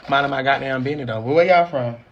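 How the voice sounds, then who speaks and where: A man on a casual video chat with strangers, high, boastful and swearing a lot, laughing often. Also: fast talker, highs cut off, a crowd in the background.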